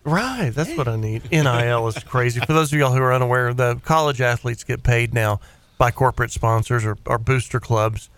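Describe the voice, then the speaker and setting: A man's voice: medium pitch, brisk. A man hosting a radio talk show, rambling through stories in casual chat from his studio. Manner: rambling, animated storytelling. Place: private studio.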